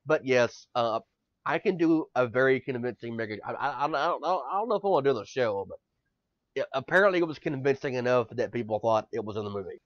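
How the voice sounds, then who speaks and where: A man co-hosting a casual podcast chat, excitable and rambling, swearing often and swinging between quiet and loud. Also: mid-range voice, fast talker, no room sound. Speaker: podcast co-host. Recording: dull lo-fi podcast mic.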